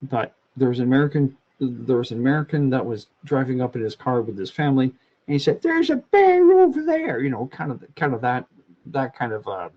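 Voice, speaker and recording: Older guy, husky voice, rambly crude storytelling, muffled lo-fi call audio. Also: mid-range voice, fairly quick. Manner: crude, meandering, many restarts. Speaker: podcast co-host.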